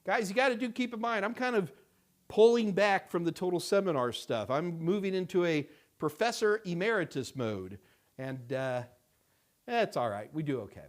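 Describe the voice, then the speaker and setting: A middle-aged man hosts a casual live-stream question-and-answer session from a studio. His voice sits a little high for a man. He talks in a loose, rambling way, full of fillers and restarts. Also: animated, normal speed. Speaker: host answering viewer questions.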